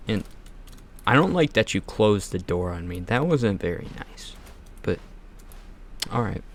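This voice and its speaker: A man's voice: on the low side, very animated, a little slow, a little hiss or hum. A young man casually commenting as he plays a video game, offhand and teasing. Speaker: gamer. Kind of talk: let's play commentary.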